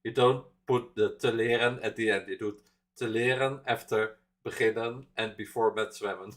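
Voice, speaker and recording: A man, reacting on a live stream and chatting in a teasing, animated way about language details. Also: fairly low pitch, normal speed.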